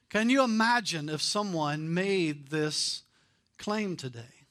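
High, bright-voiced preaching man. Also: unhurried, no echo, clean studio sound. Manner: emphatic preaching, swings from loud stresses to quiet asides. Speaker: pastor. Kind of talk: sermon.

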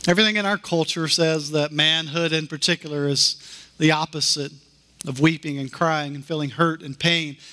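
A man preaching a sermon as pastor, with slow, emphatic repeated declarations that climb in pitch. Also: steady tone, pushed and bright.

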